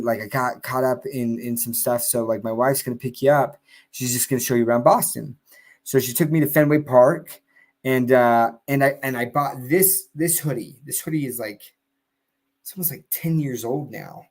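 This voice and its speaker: A man on a live stream telling a long casual story, full of fillers and restarts, laughing now and then. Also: medium pitch.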